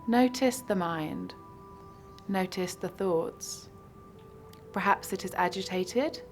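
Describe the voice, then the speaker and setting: A woman guiding a mindfulness practice with slow, soothing instructions. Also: medium pitch. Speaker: mindfulness guide. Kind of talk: guided meditation.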